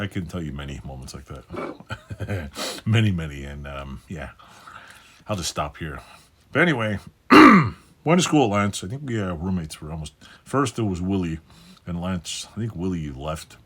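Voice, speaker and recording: Deep husky-voiced man rambling. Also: fairly bright tone. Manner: rambling, profane, halting with many fillers. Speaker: channel host. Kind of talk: casual personal vlog monologue.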